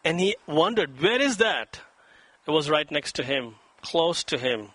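A man's voice: big pitch swings, a little slow, bright, forceful tone, dry recording. A man preaching a sermon, telling a story and reading scripture, acting out quoted speech with dramatic emphasis. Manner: dramatic, acts out quoted voices with rising pitch. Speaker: pastor.

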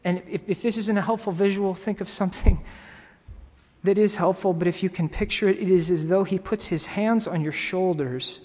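A man preaching a sermon to his congregation, earnest and halting, with pauses and restarts. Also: high voice, darkish tone. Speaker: pastor. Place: church sanctuary. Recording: long reverb of a hall.

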